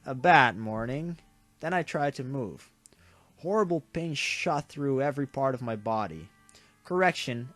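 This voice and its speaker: Animated man reading a game story. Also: fairly high pitch, faint music behind. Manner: animated, dramatic reading with quick reactions. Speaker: game streamer. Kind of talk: reading a visual novel aloud with asides.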